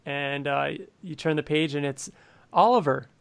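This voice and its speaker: A man co-hosting a podcast, chatting casually and eagerly about a comic. His voice sits a little high, and he laughs easily and fills pauses with "um" and "uh.". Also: vocal fry, smooth. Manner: enthusiastic, laughs often, many fillers. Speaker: podcast co-host. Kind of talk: casual comic book discussion.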